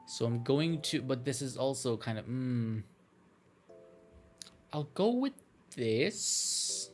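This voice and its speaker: A man doing let's-play commentary on a strategy game, excitable and swinging into shouting and giddy whoops. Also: medium pitch. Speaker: gaming streamer.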